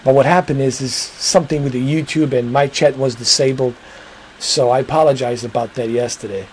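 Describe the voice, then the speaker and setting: A man's voice: medium pitch, steady tone, a little fast, slight background noise, low-quality recording. A man hosting a livestream, chatting casually and rambling to his viewers, swearing now and then. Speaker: livestream host.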